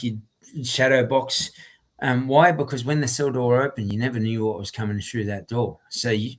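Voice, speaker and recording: Male podcast guest, middle-pitched voice, intense motivational storyteller who stresses his points. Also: fairly bright tone. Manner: intense, emphatic, restarts often. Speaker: podcast guest, former criminal turned entrepreneur.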